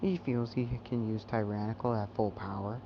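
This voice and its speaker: A man's voice: lowish voice, fairly even intonation, moderate pace, gravelly. A young man casually retelling a fan story on YouTube, rambling and full of fillers. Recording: dull, noisy home mic.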